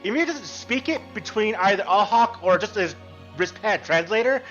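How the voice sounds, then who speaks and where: A man guides his players as game master, his voice high and swooping as he explains. The mic sounds dull and lo-fi, with faint music behind. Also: lively intonation, a little fast, a bit bright. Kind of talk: running a tabletop game.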